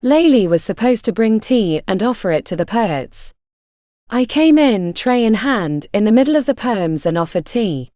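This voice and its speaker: A woman narrating a literary story in the first person, in a measured storytelling manner. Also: medium pitch, very animated, warm tone, no room sound, clean studio sound.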